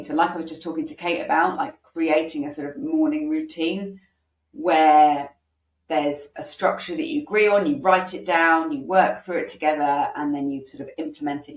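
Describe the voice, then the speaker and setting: A woman with a low voice coaches parents in an informal online workshop. She talks in a loose, conversational way, full of ums, and slips into example phrases meant for children. Her voice sounds roomy and a little distant from the microphone.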